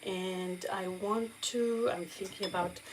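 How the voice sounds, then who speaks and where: A woman's voice: mid-range voice, fairly even intonation, takes it slowly, very noisy. A woman with a Portuguese accent, chatting casually to viewers as she demonstrates a recipe in her kitchen. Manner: chatty, warm asides to viewers, frequent "okay?" check-ins. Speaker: cooking vlogger. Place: home kitchen.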